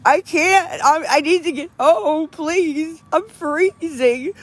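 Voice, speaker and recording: A woman's voice: sits high, takes it slowly. A young woman from western Pennsylvania, crying and cold, pleading for help on a live stream with heavy sighs. She is outdoors in the cold. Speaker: livestreamer.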